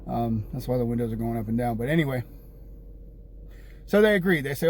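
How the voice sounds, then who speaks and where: A man's voice: medium pitch, brisk, long pauses, darkish tone. A man venting to the camera in a casual, rambling vlog, exasperated and repeating himself. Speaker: vlogger. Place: room with windows open near a street. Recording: faint street noise. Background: passing buses and traffic.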